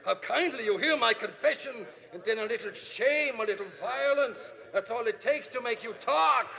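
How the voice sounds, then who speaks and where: A bitter, mocking murderer sneers from a cornered ballroom. His voice sits very high, with a gravelly edge and a bright, hard tone. A long reverb trails every line. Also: normal speed, full character voice. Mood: sneering. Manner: sneering, taunting. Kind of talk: 1940s radio acting.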